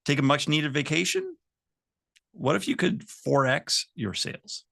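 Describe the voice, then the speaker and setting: A sales coach in his fifties with a gravelly, bright, forceful voice tells a personal story to his trainees. He chuckles a lot and speaks to the audience directly, and the sound is close and dry. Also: on the high side, sing-song, a little slow, no echo.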